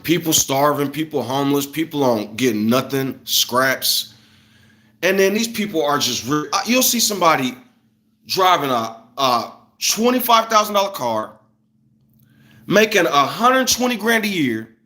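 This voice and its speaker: A young man from Illinois ranting casually on a livestream, loose and animated, jumping from loud bursts to muttered asides. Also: fairly high pitch, unhurried. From Illinois, USA. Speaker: streamer.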